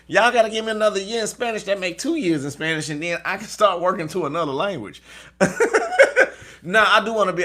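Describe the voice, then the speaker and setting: A man who reads tarot talks with his viewers in a casual livestream, in a fairly bright, slightly high voice. He often asks "okay?" and laughs at his own slip-ups.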